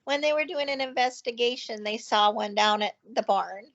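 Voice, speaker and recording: A fairly high-voiced woman tells her ranch stories in a rush of ums and excited asides. She sounds like a guest on a call, and the audio is dull and lo-fi. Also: normal speed. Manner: chatty, excitable storyteller with many fillers. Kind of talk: casual chat.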